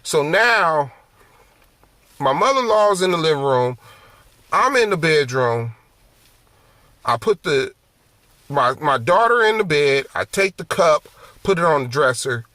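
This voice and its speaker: Minister, male, high and sharp voice, dry close sound; animated testimony with lots of repeats. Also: a little slow, pauses often, no echo. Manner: animated, conversational, repeats and restarts phrases. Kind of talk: personal testimony storytelling.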